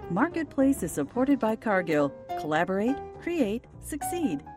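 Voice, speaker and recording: A woman radio announcer reading sponsor credits and station notes in a smooth, measured way. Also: a little high, big pitch swings, over music.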